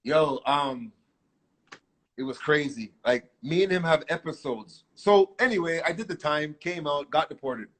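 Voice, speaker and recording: Husky man telling a profane story. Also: on the high side, unhurried. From Canada. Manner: profane, animated storytelling with street slang. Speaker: guest artist. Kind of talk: storytelling interview.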